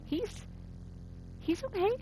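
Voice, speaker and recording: A woman's voice: very high voice, animated, takes it slowly, background noise, pitched above the performer's own voice, exaggerated voice. A woman voicing a blunt, earnest young male swordsman over game music. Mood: indignant. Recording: game music playing behind.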